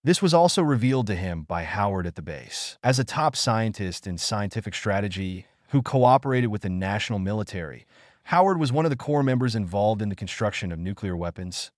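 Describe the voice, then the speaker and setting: A man giving steady scripted narration as the reader of an audiobook. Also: on the low side, fairly quick, dry recording, studio quality.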